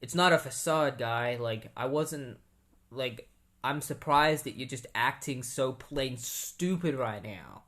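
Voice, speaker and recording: A man's voice: medium pitch, slow pace, fairly bright tone. Man playing a smug greedy turncoat hero, taunting, dismissive. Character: smug, mercenary male hero turned villain.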